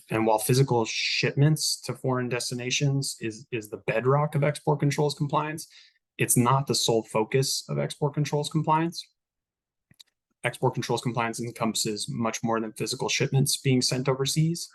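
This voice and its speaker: A man delivers a scripted compliance presentation to staff. His pitch sits in an ordinary middle range. He speaks in a measured, methodical way and drops in filler words between points. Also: steady tone. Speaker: export controls compliance officer. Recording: recorded online meeting.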